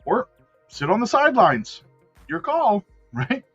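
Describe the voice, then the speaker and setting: A man's voice: very high-pitched, huge pitch swings, takes it slowly, a bit bright, slightly rough, muffled recording, faint music behind. A man hosting a live crypto stream in a hyped, slangy way, greeting viewers by name. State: out of breath. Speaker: crypto livestream host. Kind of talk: casual live-stream chat.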